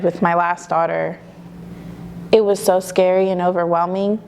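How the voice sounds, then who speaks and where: Slight background noise accompanies a young mother's lowish voice as she talks in a casual interview. She's chatty and candid, her speech peppered with "you know" and "like."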